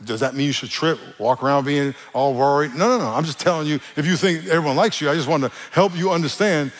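A man preaches to his congregation, teasing them and asking them questions. He jokes freely and acts out the people he quotes. His voice sits a bit high for a man. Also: quick pace, big-room sound. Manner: addresses the audience directly. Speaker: pastor. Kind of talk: sermon.

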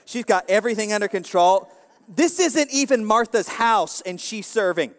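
A man's voice: sits high, animated, moderate pace, big-room sound. A man preaching a casual, joking sermon, rambling with constant fillers and asides to the crowd. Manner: rambling, jokey, full of "you know" fillers.

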